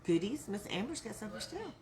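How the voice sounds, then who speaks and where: A woman's voice: medium pitch, big pitch swings, fast talker, crowd noise. A woman with a Texan accent hosting a live craft tutorial, chatting and greeting viewers by name as she works. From Texas. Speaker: craft live-stream host.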